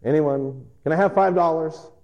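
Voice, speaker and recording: A man voicing a brisk male auctioneer calling for bids at a slow sale. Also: a little high, a little mellow, long reverb tail, dull audio, pitched above the performer's own voice, close to an everyday voice. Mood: coaxing.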